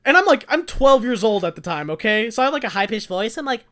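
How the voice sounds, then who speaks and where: Young adult, podcast co-host, casual storytelling, rambling, animated, laughs a lot. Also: medium pitch, fast.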